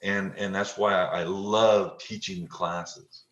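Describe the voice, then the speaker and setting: A middle-aged man with a lowish voice tells a heartfelt story in a halting way, often repeating words as he goes, tender and moved throughout. The sound is dull and lo-fi, with a roomy echo around him, as if he is on a video call. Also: steady tone, a bit bright. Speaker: touch therapy practitioner and teacher. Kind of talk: emotional storytelling interview.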